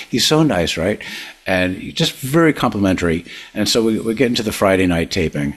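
A man's voice: low-pitched, very animated, normal speed, breathy edge. An older man, a comedy writer, telling rambling show-business stories as a podcast guest, laughing often. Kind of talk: casual anecdotal storytelling.

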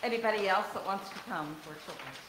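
A woman pastor leading worship, speaking in a calm, unhurried way. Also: mid-range voice. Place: church sanctuary. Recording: echoey church with noise.

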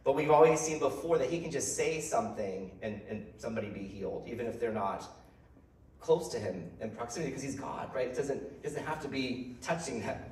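A man's voice: mid-range voice, expressive, fairly quick, a little mellow, far from the mic. Male preacher, casual sermon delivery, self-repeating; recorded off-mic in an echoey church hall. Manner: conversational, repeats words as he goes, laughs lightly. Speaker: pastor. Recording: roomy hall sound from off-mic.

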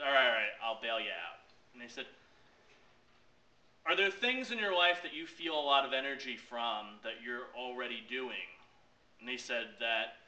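A man recounts a personal story to an audience, acting out both sides of the conversation in an animated, laughing way. His voice is bright and forceful. He was recorded from some distance in a roomy, echoing space with faint noise behind. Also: medium pitch. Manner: animated, acts out quoted dialogue with laughs. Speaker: speaker at a ministry talk. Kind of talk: storytelling talk.

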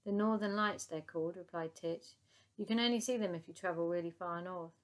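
A woman's voice: fairly low pitch, fairly quick, lightly acted. A woman voicing a patient, matter-of-fact man in a storybook reading. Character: patient man, gentle and steady.

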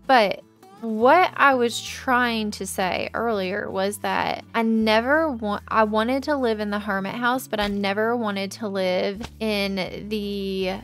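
A young woman hosts a relaxed gameplay video, talking at an unhurried pace with a gravelly edge to her voice. She chatters on and trails off, with little exclamations along the way. Soft music plays quietly underneath. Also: mid-range voice. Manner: chatty, easily distracted, exclaims often. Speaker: let's play host. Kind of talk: casual gameplay commentary. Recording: light background music.

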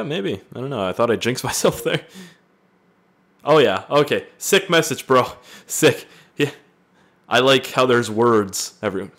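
A man reading fan voice messages aloud and reacting with loud, profane jokes in a casual gaming video. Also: medium pitch, a little hiss or hum. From Canada. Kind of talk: casual gaming vlog commentary.

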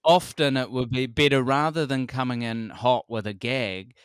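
Lively New Zealand man, resonant voice. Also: medium pitch, normal speed, smooth, no echo, studio quality. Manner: animated storyteller who laughs often and swears freely. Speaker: podcast guest, comedian. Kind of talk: casual conversation.

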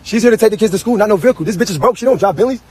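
Shouting man, high and rapid-fire. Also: animated, breathy edge. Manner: shouting, repeating himself. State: frustrated. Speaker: homeowner arguing with police. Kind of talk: heated argument.

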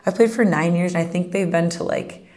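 A young woman talks quickly and casually, filling her stories with "like" and acted-out quotes. Her voice sits a little low for a woman. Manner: animated storyteller, acts out quotes, heavy "like". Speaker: podcast guest, pro soccer player. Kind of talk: casual interview chat.

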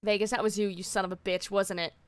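A woman streaming live and chatting casually, excitable and heavily profane, her voice still recovering from strain. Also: mid-range voice, quick pace.

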